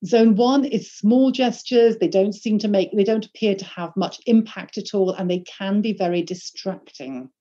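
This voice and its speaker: A woman leading an online workshop on presenting, giving instructions in a clear and emphatic way. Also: mid-range voice, moderate pace, few pauses, warm tone, lo-fi sound. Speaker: presentation skills trainer.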